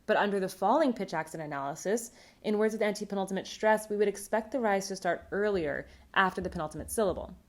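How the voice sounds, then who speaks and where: This is a recorded academic conference presentation by a woman with a medium-pitched voice. She reads her prepared script, explaining points in a steady, measured way.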